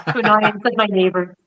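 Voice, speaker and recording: A woman's voice: pushed and bright, dry recording, rough recording. A woman with a Dublin Irish accent telling a story in casual chat, acting out quoted voices and laughing often. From Ireland. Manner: acts out quoted voices with big pitch jumps, laughs often. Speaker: guest performer.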